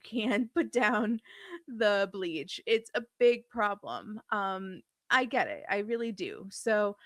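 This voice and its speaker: A woman's voice: medium pitch, fairly bright tone, dry recording, clean studio sound. A young woman co-hosting a podcast, chatting casually in an easygoing, rambling, confiding way. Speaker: podcast co-host. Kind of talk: casual chat.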